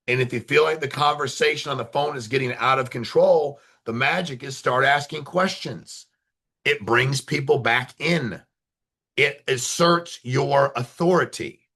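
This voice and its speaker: A man's voice: mid-range voice, bright, forceful tone. A middle-aged man giving a motivational sales talk, firing rhetorical questions and acting out phone calls with shifting speed and emphasis. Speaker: sales trainer, insurance agency founder.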